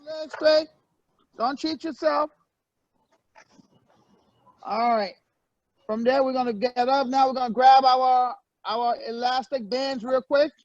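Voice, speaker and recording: High-voiced man coaching a workout. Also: takes it slowly, long pauses, no room sound. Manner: energetic, barks short encouraging commands. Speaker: fitness coach. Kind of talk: leading a workout session. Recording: muffled lo-fi, dry recording.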